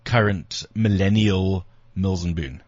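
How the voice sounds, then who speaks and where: A man co-hosting a radio chat show, joking quickly and reading out figures as he talks. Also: deep voice, a little mellow, no room sound, lo-fi sound. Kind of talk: casual chat.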